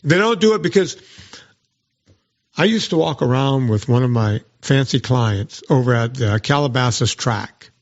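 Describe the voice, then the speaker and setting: A man's voice: mid-range voice, normal speed, highs cut off. A man hosting a podcast, telling stories in casual chat and acting out what other people said in mock voices. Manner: animated storytelling with mock quoted voices. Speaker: podcast host and trainer.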